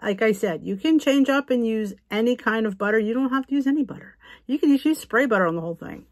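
A woman's voice: fairly high pitch, expressive, quick pace, a little mellow, poor audio. A woman hosting a home cooking video, talking viewers through a recipe in a chatty, rambling way. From United States. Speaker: cooking vlog host. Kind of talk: casual cooking demonstration.

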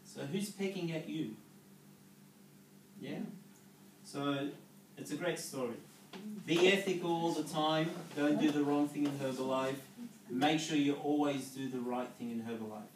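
Coaching his audience in a motivational business talk, a network marketing speaker keeps asking "okay?" and "yeah?". His voice is a little high and unhurried, with frequent pauses. He sounds distant in an echoey room, and the background is noisy.

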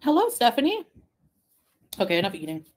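A woman from Quebec chatting casually on a live stream, reading viewer comments, rambling and giggling, sometimes trailing off into a soft mumble. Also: on the high side, huge pitch swings, fairly quick. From Quebec, Canada. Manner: rambling, easily distracted, giggly asides. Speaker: livestreamer.

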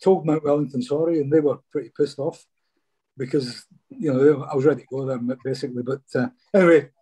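Scottish man, dark husky voice, chatty storyteller. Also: medium pitch, steady tone, quick pace. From Scotland. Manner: chatty, says "mate" a lot. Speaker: guest, former footballer. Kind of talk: casual storytelling interview.

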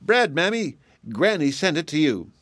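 A man playing an eager little storybook boy, simple and obedient, high voice, dry sound. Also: sing-song, moderate pace, a bit bright, dry recording. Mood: earnest.

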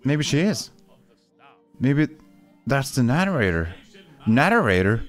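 A man playing a game for a video, joking sarcastically and jumping into sudden loud, high yelps. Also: very animated, normal speed, soft background music. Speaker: gaming YouTuber. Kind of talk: let's play commentary.

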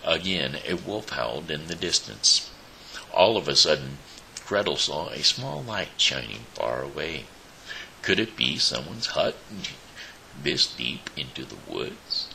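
A man reads a fairy tale aloud in a very deep, gravelly voice. He takes his time, stumbling and restarting now and then, and his tone has a bright, tight edge to it. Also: big pitch swings, slight background noise, rough recording. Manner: slow, with small slips and restarts. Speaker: show host reading a story. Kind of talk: storybook reading.

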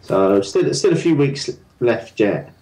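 A man's voice: medium pitch, very animated, takes it slowly, crowd noise, rough recording. A man co-hosting a casual podcast chat about beer, chatty and prone to repeating words as he goes. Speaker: podcast co-host.

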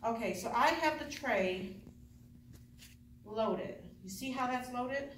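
A woman teaching a hands-on dental class, chatty and encouraging with quick asides. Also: a little high, expressive, slight background noise. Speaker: dental assisting instructor. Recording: echoey room, voice from far off.

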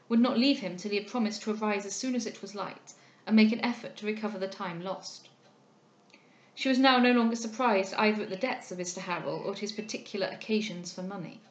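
A woman reads a classic novel aloud in a measured, steady voice. Her pitch sits in the middle range, and the recording carries a noticeable roomy echo. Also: lo-fi sound. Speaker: audiobook reader.

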